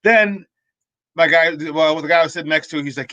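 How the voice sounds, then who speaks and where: A man hosts a sports talk show, telling rambling, animated stories that keep restarting. His voice sits a little high and sounds bright and forceful. The sound is dry and close. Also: fast, no echo, highs cut off. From Chicago. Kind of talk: casual sports talk storytelling.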